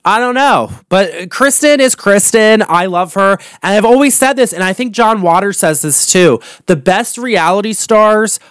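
Gossipy man with a smooth, close voice. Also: high-pitched, normal speed, few pauses, no room sound. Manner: gossipy, animated, swears freely. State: voice going hoarse. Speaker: podcast host. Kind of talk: casual solo podcast chat. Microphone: studio podcast mic.

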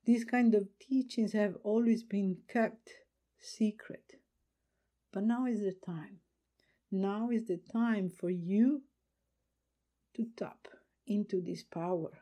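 A woman hosting a spiritual podcast, talking in a slow, soft and earnest way that often trails off quieter. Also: mid-range voice. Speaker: podcast host and spiritual teacher.

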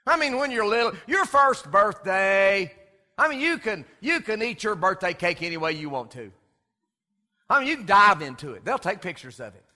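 A man with a high, bright, forceful voice preaching to his congregation. He talks in a folksy storytelling way, mimicking wailing babies and calling people up to act things out. His voice rings through a church hall with a long reverb. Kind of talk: sermon. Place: church sanctuary.

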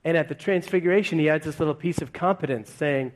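A man's voice: on the high side, quick pace. A male pastor preaching a sermon to his congregation in a conversational way, peppering it with rhetorical questions. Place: church in front of a congregation.

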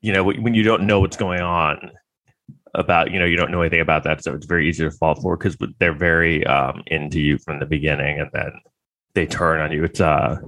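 A man's voice: extremely low pitch, fairly even intonation, brisk, a bit bright, no room sound. A man delivering a comedic monologue in a crude, sarcastic, rambling way, full of fillers and restarts.

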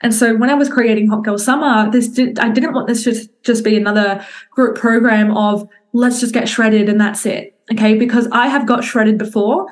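A woman's voice: fairly high pitch, steady tone, moderate pace. A young woman, a fitness coach talking candidly to her group on a video call, swearing casually and speaking straight to her listeners.

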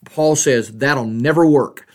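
A man's voice: medium pitch, takes it slowly. A middle-aged man hosting a Bible study podcast, explaining verses in an earnest, teacherly way and acting out quoted voices.

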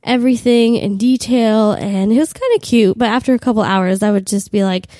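With a fairly high pitch and a dark tone, this woman talks a little fast, and there's no room sound. She's a podcast host in her twenties with a cold, crudely poking fun at herself in a comic travel story packed with "like."

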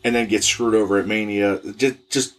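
A man's voice: lowish voice, fairly even intonation, fairly quick, a bit bright, soft background music. A man co-hosting a casual wrestling podcast, hesitant and thinking aloud with frequent restarts. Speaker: podcast co-host.

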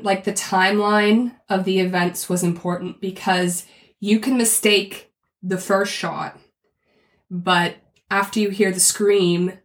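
Woman co-host, thoughtful explainer, mid pitch, roomy echoey recording. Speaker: podcast co-host. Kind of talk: casual podcast discussion.

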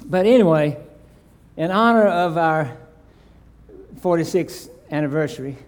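A man's voice: fairly high pitch, lively intonation, a little slow. A man in his sixties or seventies, a visiting preacher in a church, talking in a folksy, self-deprecating way before a reverent prayer and scripture reading. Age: 60s or 70s. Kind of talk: sermon.

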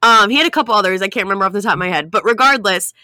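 A woman's voice: mid-range voice, rapid-fire, no room sound, clean studio sound. A young woman co-hosting a casual chat podcast, telling stories animatedly and acting out quoted lines with frequent laughter. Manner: animated storytelling, acts out quotes, laughs often. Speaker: podcast co-host.

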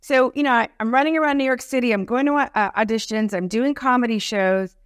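Woman comedian as interview guest; bright, higher voice; lively, self-mocking storyteller; dry close sound. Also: a little fast, clean tone, dry recording. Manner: animated, self-deprecating, acts out quoted lines.

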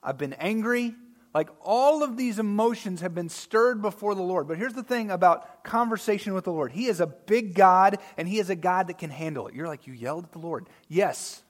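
High-voiced man preaching conversationally. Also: expressive, normal speed. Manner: conversational preaching, keeps checking in with listeners; swings between loud emphatic lines and quiet asides. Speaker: pastor. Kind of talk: sermon.

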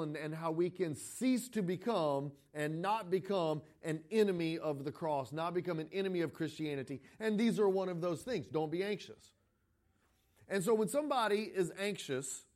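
A middle-aged man, a pastor, preaching a sermon in a conversational, animated way, often restarting his phrases as he tells a story. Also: high-pitched. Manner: conversational preaching with frequent repeated starts; animated storytelling, breaking into quoted voices.

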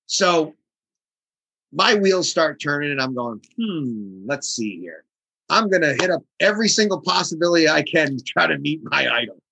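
A man with a bright, somewhat husky voice tells a story in a casual interview. He speaks with lively energy and acts out the other people in it. The sound is dry and close. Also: a little high, moderate pace, no echo, rough recording. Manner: animated storyteller acting out quoted voices. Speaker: guest drummer.

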